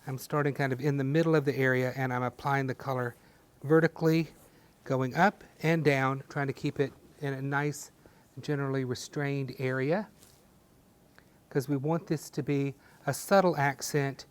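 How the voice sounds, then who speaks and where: A man guides viewers through a painting demonstration step by step. His delivery is gentle and encouraging, with a mid-range voice and homespun sayings sprinkled in. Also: medium pitch, steady tone, normal speed, clean tone. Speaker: painting instructor.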